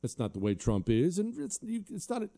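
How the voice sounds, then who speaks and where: A man's voice: high-pitched, wildly swooping pitch, brisk, creaky, dark tone. A male talk show host delivering a combative, sarcastic monologue and reading listener emails.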